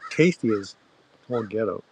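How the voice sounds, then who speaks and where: A man hosting a livestream, chatting loosely to viewers with crude slang, halting restarts and frequent throat-clearing. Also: fairly low pitch, expressive, a little hiss or hum. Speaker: livestream host. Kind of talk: rambling casual chat to viewers.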